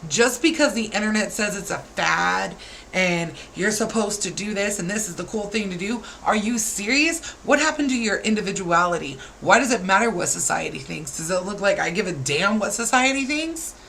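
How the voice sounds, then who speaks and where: A woman's voice: mid-range voice, expressive, normal speed, vocal fry, bright, forceful tone, a little hiss or hum, rough recording. A woman in her thirties, a parent, ranting to camera with exasperated, scolding rhetorical questions. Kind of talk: heated rant to camera.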